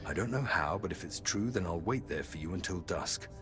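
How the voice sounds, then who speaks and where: A guarded, mysterious stranger in a video game, his voice very deep and low. He speaks in a slow, measured way, and faint game music plays under him. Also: animated. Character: calm mysterious male stranger in an island asylum.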